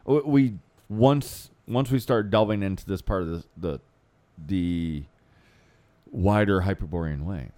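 A man's voice: on the low side, animated, a little slow, dark tone, no echo. A man co-hosting an unscripted chat, joking and loose with casual grammar. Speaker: podcast co-host.

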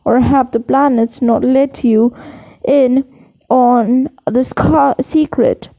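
A woman reading aloud, voicing a calm, protective young male centaur in a solemn, measured way. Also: sits high, highs cut off. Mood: angry.

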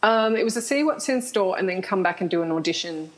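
This middle-aged author, interviewed as a guest, shares candid stories fast, laughing frequently. She speaks in a mid-range voice with lively intonation over poor-quality audio.

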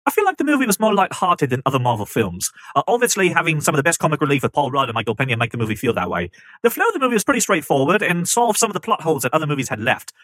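A man reading a written film review aloud in a deliberately bad put-on British accent. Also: a little high, big pitch swings, fairly bright tone, no room sound. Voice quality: self-mockingly bad accent.

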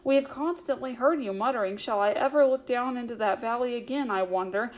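Pippin, a lively young male hobbit, teases his friend with eager cheek, as a woman reads him from a storybook. His voice runs fairly high. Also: fairly quick, lightly acted. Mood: teasing.

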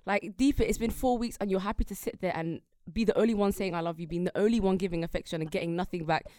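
Fast-talking opinionated young woman. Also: mid-range voice, dry recording, clean studio sound. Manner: animated, opinionated, quotes people in play. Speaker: podcast co-host. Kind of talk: casual chat.

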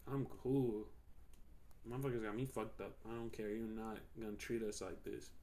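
A man's voice: on the low side, steady tone, normal speed, warm tone, a little hiss or hum. A young man hosting a podcast, ranting heatedly and profanely about his job in a casual solo monologue. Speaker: podcast host.

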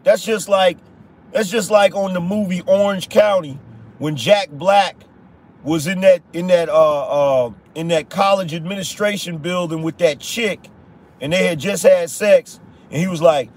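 A man's voice: high-pitched, measured pace, a little mellow. A man hosting an opinion podcast, talking bluntly in casual slang with emphatic rhetorical questions. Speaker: podcast host. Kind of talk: conservative opinion commentary.

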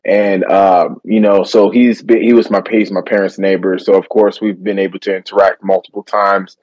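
A man, a guest in a casual interview, telling his story haltingly with many fillers. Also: deep voice, level tone, darkish tone, no room sound. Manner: hesitant, filler-heavy storytelling. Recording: dull lo-fi call audio.

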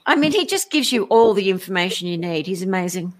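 A woman's voice: fairly low pitch, lively intonation, fast, slight background noise. A woman co-hosting a casual live stream in an upbeat, giggly way.

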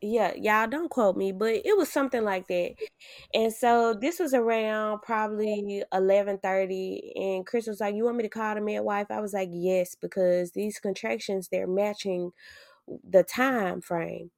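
Animated woman telling a story, dry close mic. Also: mid-range voice, unhurried, dry recording. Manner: animated, acts out quotes, swears freely. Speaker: podcast host telling her story. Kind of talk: casual storytelling chat.

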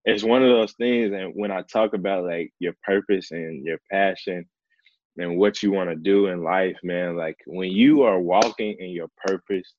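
Deep-voiced man telling a story casually. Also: moderate pace, no echo, dull audio. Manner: relaxed, earnest, heavy use of "like" and "man". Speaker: professional baseball player as guest.

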